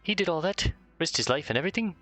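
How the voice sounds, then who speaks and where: A man's voice: sits high, lively intonation, fast, fairly bright tone, soft background music, pitched above the performer's own voice. A man doing a cheeky fairy sidekick, attempted Scottish accent. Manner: cheeky, slangy.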